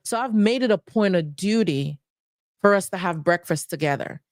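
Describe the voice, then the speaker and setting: A woman speaks in a motivational personal talk with a lowish voice. She is earnest and emphatic, circling back to key phrases. The sound is close and dry, with no room echo. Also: lively intonation, moderate pace. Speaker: host.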